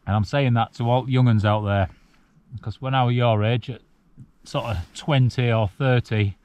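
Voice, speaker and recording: A man in his forties from the UK chats casually to camera while camping alone on a cold mountain at night, in a relaxed, reflective way with the odd chuckle. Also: mid-range voice, moderate pace. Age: 40s. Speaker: solo wild camping vlogger.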